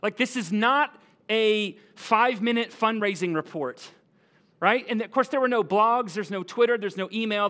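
Pastor, male, lively conversational sermon delivery, slightly high voice. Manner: animated, conversational, asks the room "right?".

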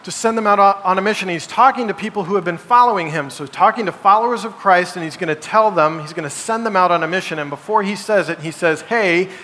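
Bright-voiced pastor preaching in a reverberant hall. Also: male voice, high voice, fast, few pauses. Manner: emphatic, asks the congregation rhetorical questions. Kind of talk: sermon. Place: church sanctuary. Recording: long hall reverb, faint background noise.

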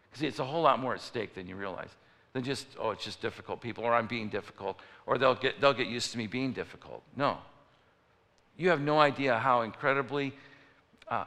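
This preacher's voice is a little high, pushed and bright. He tells stories from the pulpit and acts out the people in them, with the long reverb of a big hall around him.

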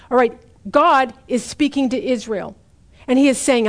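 A middle-aged woman preaches a sermon earnestly, slowing down to stress key points and putting direct questions to her listeners. Her voice is a little high.

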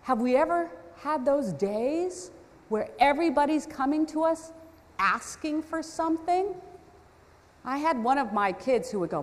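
A woman's voice: high-pitched, lively intonation, a little slow. A woman preaching a storytelling sermon, talking conversationally with self-deprecating asides. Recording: long hall reverb.

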